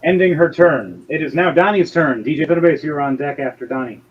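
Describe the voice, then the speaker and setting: A man's voice: on the high side, lively intonation, fairly quick. A man narrating as game master in casual, profane table talk. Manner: casual, swears freely, voices figures briefly. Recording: slightly dull lo-fi audio, faint hiss.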